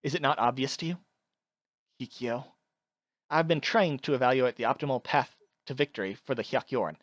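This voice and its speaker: A woman's voice: very deep voice, a little fast, no echo, studio quality. A woman voicing an earnest, stubborn, competitive girl who talks directly and insistently, over background music.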